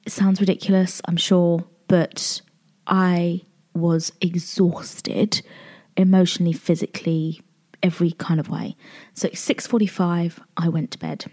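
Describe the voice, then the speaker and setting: A woman's voice: lowish voice, warm tone. A woman with a British accent hosting her own podcast, speaking openly and emotionally in a confessional way. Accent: British English. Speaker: podcast host. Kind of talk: candid solo podcast talk.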